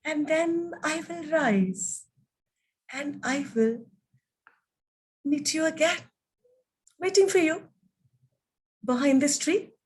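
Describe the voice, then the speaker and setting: A woman puts on a friendly little storybook cloud who talks in a soothing, reassuring way. The voice sits lower than a narrator's and moves unhurriedly. He sounds kind and patient. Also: lively intonation, slow pace, long pauses. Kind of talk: children's storytelling.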